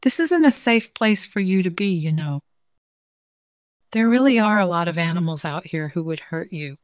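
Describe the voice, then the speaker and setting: A woman voicing a young male bear cub who is kind and gently teasing, in a children's storybook reading. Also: lowish voice, expressive, normal speed, no echo, clean studio sound, natural voice. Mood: earnest.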